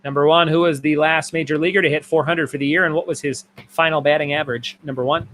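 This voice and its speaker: A man's voice: a little high, fairly even intonation, quick pace, a bit bright, a little hiss or hum. A man hosting a live-streamed trivia night, reading out answers and questions and repeating them. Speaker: trivia host.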